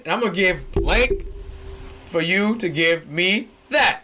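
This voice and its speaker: A young man, co-hosting a casual chat that swings from low musing to shouting, laughing excitement. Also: a little slow, a little hiss or hum. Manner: excitable, shouts and laughs when hyped, slangy. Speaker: podcast co-host.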